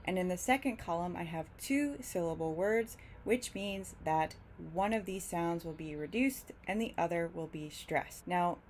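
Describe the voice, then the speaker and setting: A woman with a somewhat low voice teaches English pronunciation, speaking clearly and patiently. She stretches out example words to demonstrate them. A faint hiss sits under the recording. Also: darkish tone. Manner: careful, drawn-out demonstration of words. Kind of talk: clear, slow teaching explanation.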